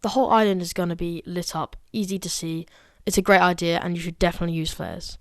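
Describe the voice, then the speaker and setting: Excitable woman reviewing a game update. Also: lowish voice, fast, no room sound. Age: student. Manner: chatty and excitable, lots of fillers. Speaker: gaming video creator.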